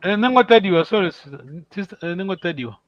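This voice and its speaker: A man teaching a language lesson online, patiently encouraging students and saying words slowly for them to repeat. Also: high-pitched, animated, no room sound, dull audio. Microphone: video call.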